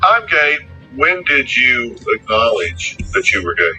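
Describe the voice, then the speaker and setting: A man's voice: medium pitch, very animated, a little slow, pushed and bright, faint music behind, low-quality recording. A man in a heated argument, insulting and taunting, repeating his jabs.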